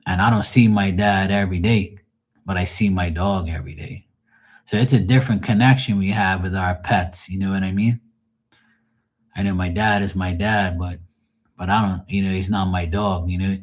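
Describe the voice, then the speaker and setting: Grieving and speaking frankly, a middle-aged livestream host rambles to his live audience and swears without restraint. He talks at a normal speed in a low, steady voice.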